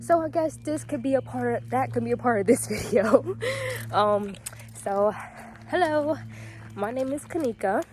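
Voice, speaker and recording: A woman's voice: fairly high pitch, lively intonation, normal speed, a little mellow, slight background noise. Chatty young woman vlogging. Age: 20s. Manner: rambling and chatty, full of fillers, addresses viewers as "y'all". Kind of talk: casual vlog chat. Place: outdoors in a park. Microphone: phone camera.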